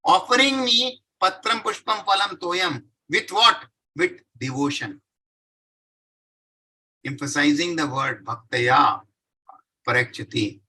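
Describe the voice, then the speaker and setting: Slowly and with frequent pauses, a man leading a devotional scripture lecture chants Sanskrit verses and then unpacks them, repeatedly asking his audience questions he then answers. His voice is on the high side, bright, forceful and husky, and the audio is poor.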